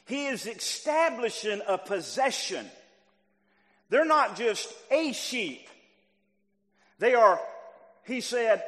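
Animated preacher in an echoing church. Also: male voice, slow pace, pauses often. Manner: animated, rising to near shouts and dropping low. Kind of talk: sermon. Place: church sanctuary.

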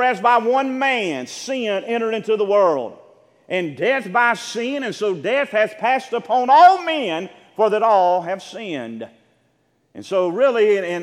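A male pastor preaches with a high, ringing voice, stretching out key words and rising to shouts. He calls questions out to his congregation, and the sound carries the long reverb of a large church hall. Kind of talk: sermon.

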